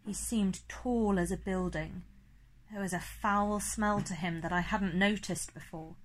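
A woman reads a story aloud in scripted first-person narration. Her voice sits at a middle pitch and she tells it steadily and clearly. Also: fairly even intonation, measured pace, slight background noise. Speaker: audiobook narrator.

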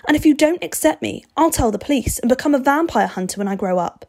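A woman voicing a defiant, volatile young boy in a storybook reading, his voice high and intense. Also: animated, fast talker, darkish tone.

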